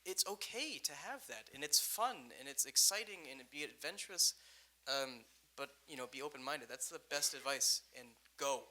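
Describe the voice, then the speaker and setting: Bright-voiced man telling a rambling story. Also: on the high side, expressive, normal speed, poor audio. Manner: rambling, many fillers, laughs at his own stories. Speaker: panelist. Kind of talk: casual storytelling on a panel. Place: event room.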